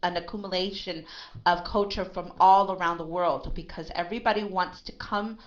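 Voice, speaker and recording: A woman's voice: fairly low pitch, steady tone, normal speed, lo-fi sound. A woman teaching English one-on-one, emphatic and always checking with "right?". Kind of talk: one-on-one language lesson.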